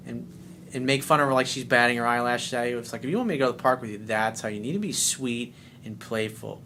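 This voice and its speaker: Male dating coach, blunt and profane, reads out a letter and answers it, acts out bits of dialogue; needs a faint rumble behind the voice. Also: fast, sharp tone.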